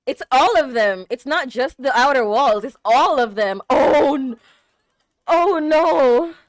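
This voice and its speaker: A young woman reacting to an anime episode, exclaiming and gasping, swinging between hushed murmurs and loud outbursts. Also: high-pitched, expressive, takes it slowly, no echo. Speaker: reaction streamer.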